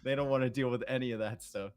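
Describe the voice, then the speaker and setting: A man's voice: mid-range voice, fairly even intonation, fast, darkish tone. A man co-casting a game stream, rambling through self-deprecating anecdotes while filling time. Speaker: esports caster. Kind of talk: casual stream chat.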